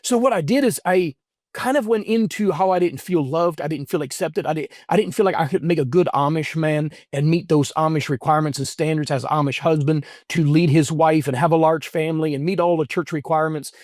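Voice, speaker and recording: A middle-aged man tells his own story to an interviewer, sincere and moved, his phrases halting and circling back. His voice sits a little high for a man. The recording is dry and close. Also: a little mellow, no echo. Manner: earnest, heartfelt, halting with repeated restarts. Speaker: guest. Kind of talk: emotional personal storytelling.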